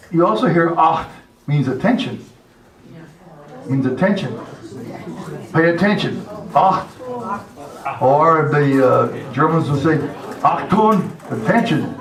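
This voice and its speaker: Slow older Texan man teaching a class. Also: a little high. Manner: slow, patient, spells words out letter by letter. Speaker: language teacher. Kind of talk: classroom lesson. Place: classroom or meeting hall. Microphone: far camera. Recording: echoey hall from far off with murmuring class.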